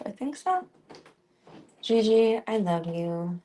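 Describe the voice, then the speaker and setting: A woman streamer chatting casually at home, rambling and cooing softly at her pets. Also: mid-range voice, measured pace. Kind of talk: casual chat.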